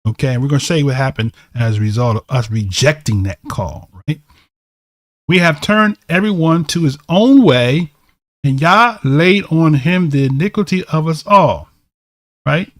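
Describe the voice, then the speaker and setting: A man's voice: fairly high pitch, dry recording, clean studio sound. Man teaching scripture, checking in with "right?". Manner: reads verses aloud, then explains with frequent "right?". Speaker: bible teacher.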